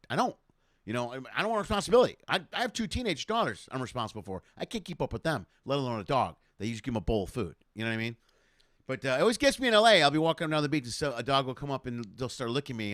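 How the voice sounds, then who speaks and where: A middle-aged man talks quickly and loosely into a home webcam, spinning comic stories about life on the road. He rambles from one aside to the next with an animated, chatty delivery. The sound is close and dry, with no room echo. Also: mid-range voice. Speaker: comedian hosting a livestream show. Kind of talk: casual stand-up storytelling. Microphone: home webcam setup.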